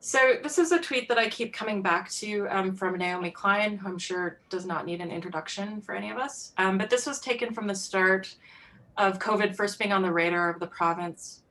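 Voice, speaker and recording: A woman speaking as an artist in an online talk over a video call. Her pitch sits in the middle range. Her delivery is relaxed and conversational, with many fillers. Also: normal speed, poor audio. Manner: casual and chatty, many fillers.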